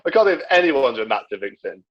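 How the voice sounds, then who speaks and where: A man's voice: on the high side, slightly rough. A young man telling a childhood story in casual chat, laughing often and acting out the voices. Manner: chatty, laughs often, acts out quoted voices. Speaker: podcast guest. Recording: dull lo-fi sound.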